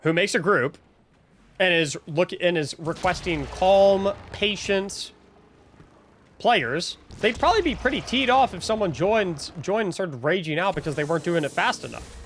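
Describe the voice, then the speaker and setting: A man's voice: sits high, animated, moderate pace, fairly bright tone, slight background noise. A young man streaming, ranting in a casual, exasperated way, often restarting and repeating words. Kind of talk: casual livestream rant.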